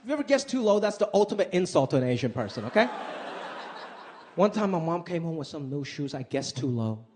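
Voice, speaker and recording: A man performing an animated stand-up set, switching in and out of impressions of the people in his stories. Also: fairly high pitch, brisk. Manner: animated, shifts between impressions. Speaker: stand-up comedian. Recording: live club set with crowd laughter and noise.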